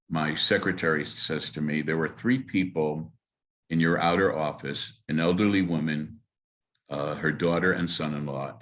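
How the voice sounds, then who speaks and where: A man speaking as a rabbi, telling stories to a congregation with lively acted-out dialogue and frequent filler words. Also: low voice. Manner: animated storyteller who acts out quoted dialogue, with frequent fillers. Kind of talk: storytelling talk to a congregation.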